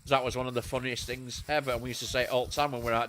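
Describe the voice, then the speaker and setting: A man's voice: mid-range voice, flat delivery, rapid-fire, very noisy. A man, streaming a game and rambling crudely in casual chat.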